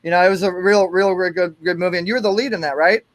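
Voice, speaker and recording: A man's voice: high-pitched, fairly even intonation, fast talker. A man hosting an online interview, enthusiastic and stumbling over his words. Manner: enthusiastic, stumbling, restarts often. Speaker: host.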